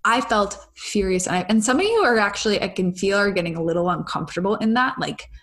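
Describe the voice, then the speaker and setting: Speaking fast and expressively, this young spiritual vlogger shares something personal with her viewers, cursing often and tossing in "right?" again and again. Her medium-pitched voice has a slightly bright quality, and the whole thing feels casual and confessional.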